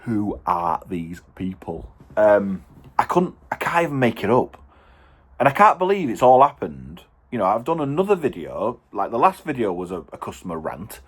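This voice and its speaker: A man's voice: fairly low pitch, moderate pace, slightly rough. A man, a home car dealer telling an exasperated story to camera and acting out what was said. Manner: exasperated, animated, acts out quotes.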